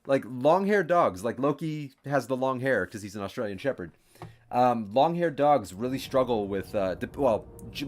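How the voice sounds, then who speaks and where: A man's voice: mid-range voice, slight background noise. A young man streaming a game, rambling casually with lots of giggles and baby talk for his dog. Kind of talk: casual livestream chat while gaming. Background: game music.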